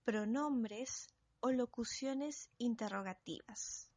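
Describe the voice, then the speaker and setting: A woman narrating a scripted Spanish lesson, reading example sentences slowly and carefully. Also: on the high side. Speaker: Spanish teacher.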